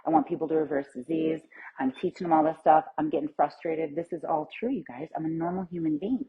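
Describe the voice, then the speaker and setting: A middle-aged woman gives a chatty, motivational pep talk as a plant-based nutrition coach. Her voice is low and very husky. The live-stream audio is dull and lo-fi. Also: fast talker.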